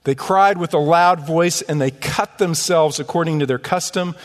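A man preaching a sermon in a church, animated, with mocking asides and rhetorical questions. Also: a little high, moderate pace, long reverb tail. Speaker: pastor. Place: church sanctuary.

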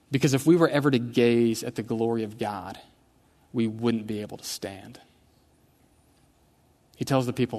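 A man's voice: medium pitch, moderate pace. A male pastor preaching a sermon in a church sanctuary, conversational and telling stories with humor. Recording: long church hall reverb.

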